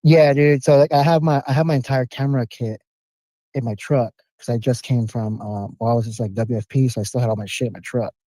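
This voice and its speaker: A man calling into a podcast, telling a story with animated, profane street slang. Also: medium pitch, fairly quick, no room sound, rough recording. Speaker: caller. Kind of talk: casual storytelling on a call.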